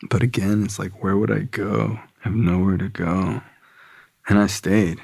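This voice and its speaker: Low voice guy telling his story, swears a lot, says like constantly, dry mic. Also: steady tone, normal speed, creaky, a little mellow, dry recording. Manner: casual, profane, full of "like". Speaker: podcast guest. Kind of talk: personal recovery story.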